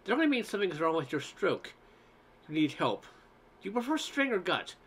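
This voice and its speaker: A man's voice: high voice, sing-song, fairly quick, fairly bright tone, slight background noise. A man voicing a haughty, condescending wealthy woman tennis player in a read-aloud story. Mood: snooty.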